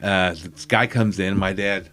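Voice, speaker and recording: A man's voice: sits low, measured pace, bright, forceful tone. A man who is a comedian guest, telling a rambling story in a casual way, with many asides and fillers.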